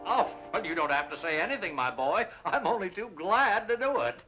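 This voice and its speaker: A man's voice: high-pitched, lively intonation, a little fast, bright, forceful tone, breathy edge, faint music behind, exaggerated voice, rough recording. An actor voicing a fussy, grumpy older male neighbor in a cartoon, blustery and exasperated. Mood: pompous. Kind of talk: cartoon voice acting.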